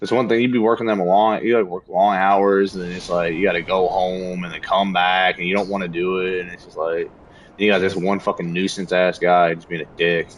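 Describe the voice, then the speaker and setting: Young male streamer, quick-talking and profane, casual venting chat. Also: deep voice, slight background noise. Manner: profane, animated venting about a coworker. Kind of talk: casual chat while gaming.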